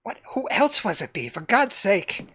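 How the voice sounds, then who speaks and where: Brief: man voicing frightened young woman, shrill and pleading, high and swooping. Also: big pitch swings, unhurried, sharp tone, slight background noise, exaggerated voice. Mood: terrified. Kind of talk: reading game dialogue aloud.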